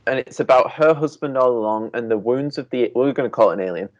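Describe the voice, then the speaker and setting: Podcast guy thinking out loud about a movie, kinda halting, mid voice. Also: mid-range voice, muffled recording. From Canada. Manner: thoughtful, reasons aloud with restarts. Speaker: podcast co-host. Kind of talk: casual chat.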